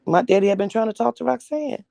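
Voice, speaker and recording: A woman's voice: a little high, expressive, fast, vocal fry, warm tone, no echo. A young adult woman candidly telling her own life story in blunt, profane everyday speech, acting out the voices of the people she quotes.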